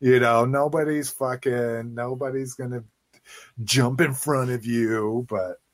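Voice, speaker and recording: A man's voice: mid-range voice, fairly even intonation, slow, no room sound. A man hosting a casual toy-collector podcast, talking loosely with lots of swearing and restarts. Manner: loose, profane, restarts often. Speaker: podcast host. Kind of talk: casual chat.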